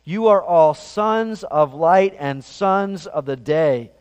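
A man's voice: fairly high pitch, animated, takes it slowly, a little mellow, clear, resonant tone. Storytelling preacher man in a reverberant hall. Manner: conversational storytelling preacher with frequent restarts. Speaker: pastor. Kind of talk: sermon.

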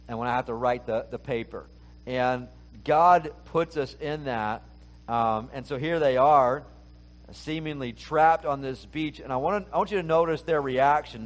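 A male pastor preaching a conversational sermon, talking casually and asking the listeners many rhetorical questions. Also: mid-range voice.

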